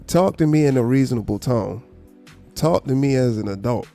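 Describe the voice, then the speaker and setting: A casual commentary rant comes from a live-streaming man whose voice is gravelly and mellow, low, calm and deliberate. He's blunt, swears often, and a quiet music bed sits behind him.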